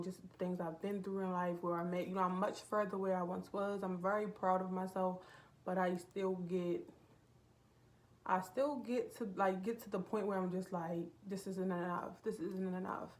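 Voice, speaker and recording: A young woman vlogging in a casual, confessional way, rambling and heartfelt with lots of filler words, talking from indoors at a relative's home. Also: lowish voice. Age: young adult. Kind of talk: casual confessional vlog chat.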